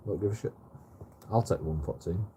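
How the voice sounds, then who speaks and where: A man's voice: low voice, moderate pace, mellow, a little hiss or hum. A man telling a rambling story on a livestream, swearing heavily and repeating himself.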